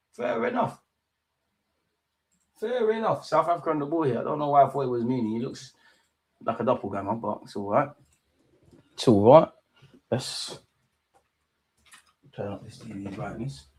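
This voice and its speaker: A young man with a fairly high, slightly rough voice hosts a live football watch-along. He talks in slang, stays animated, and breaks into bursts of excitement.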